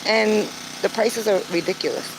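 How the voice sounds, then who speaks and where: A woman's voice: mid-range voice, moderate pace, background noise. An older woman vlogging casually to camera, chatty and earnest, with frequent filler words. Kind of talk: casual vlog talk to camera.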